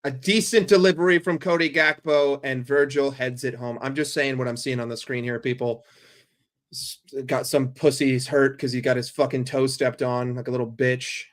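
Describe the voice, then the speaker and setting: A man streaming a football watchalong, calling the play for his chat in a blunt, profane, excitable way. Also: medium pitch, moderate pace. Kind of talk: live play-by-play commentary for a chat.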